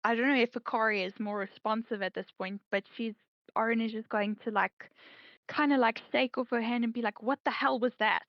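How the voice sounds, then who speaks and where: Woman, high voice, hesitant, lots of fillers, role-play narration, dull dry recording. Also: steady tone, fairly quick, no echo. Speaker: player.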